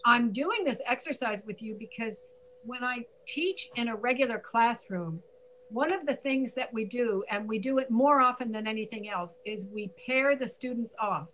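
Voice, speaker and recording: A woman's voice: on the high side, moderate pace, fairly bright tone, a little hiss or hum, low-quality recording. A woman teaching English pronunciation in an online class, patiently repeating and demonstrating sounds. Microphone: video call.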